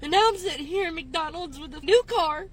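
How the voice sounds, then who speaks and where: Very high-voiced tearful woman in her fifties. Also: expressive, a little fast. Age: 50s. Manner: distraught, rambling. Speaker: gig delivery driver. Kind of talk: venting to a phone camera. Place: in a car.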